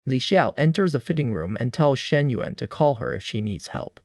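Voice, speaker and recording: A man's voice: mid-range voice, expressive, moderate pace, a little mellow, no room sound, studio quality. A man narrating a comic recap in a scripted, wry storytelling manner.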